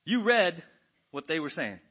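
A man preaching a sermon as pastor, animated and often asking the congregation "right?". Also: on the high side, measured pace. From United States. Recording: dull lo-fi church audio.

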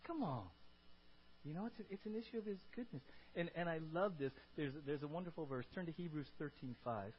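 Male pastor, fairly high voice, emphatic sermon delivery, acts out quotes, muffled lo-fi recording. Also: quick pace, few pauses, a little hiss or hum. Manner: emphatic, punctuates points with "right?" and "good".

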